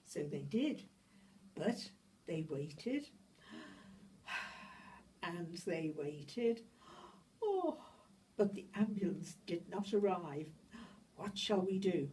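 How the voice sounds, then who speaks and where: Slow expressive woman narrating puppet show. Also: lowish voice. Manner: slow, expressive, exclamatory storytelling. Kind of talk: children's puppet show storytelling. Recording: distant mic, faint room hiss.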